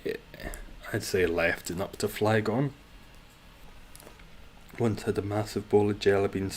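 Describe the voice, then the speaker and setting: A man's voice: fairly low pitch, fairly even intonation, unhurried, pauses often, slight background noise. A man streaming a game live, chatting casually with viewers, reacting and swearing freely.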